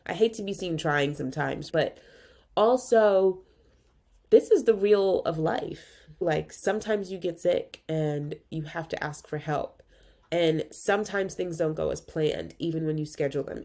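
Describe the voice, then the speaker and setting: A woman's voice: sits low, darkish tone. A woman hosting her own podcast, congested with a cold, talking candidly and informally about rest and burnout. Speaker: podcast host and physician coach. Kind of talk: casual solo podcast talk.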